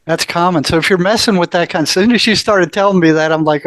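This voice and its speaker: Older guy, pretty high voice, emphatic, repeats himself, dry sound. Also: fast talker, a bit bright, dry recording. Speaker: retired psychotherapist guest. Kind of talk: conversational interview.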